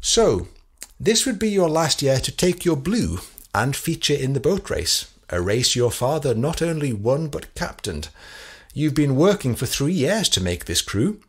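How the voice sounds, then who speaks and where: A man with an English accent voicing a measured, relentless middle-aged detective in a storybook reading. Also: mid-range voice, sing-song, husky. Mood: probing. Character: cool, probing male detective, middle-aged.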